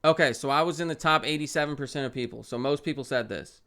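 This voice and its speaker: Animated young man streamer, smooth voice. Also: a little high, fast talker. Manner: animated, swings from loud outbursts to muttered asides. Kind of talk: reading a parenting game aloud and reacting.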